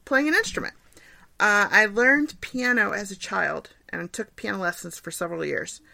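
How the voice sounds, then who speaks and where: Recorded on a home setup with no room sound, a woman in her forties runs a casual solo podcast, answering questions with plenty of laughter and self-deprecating chatter. Her medium-pitched voice is gravelly and sharp, expressive, and moves at a moderate pace.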